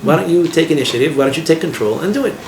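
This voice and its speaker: A man, a rabbi, teaching an informal class in a lively way, asking his listeners questions and using Hebrew terms. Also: on the high side, racing, gravelly. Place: classroom with a small group. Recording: echoey room with background noise.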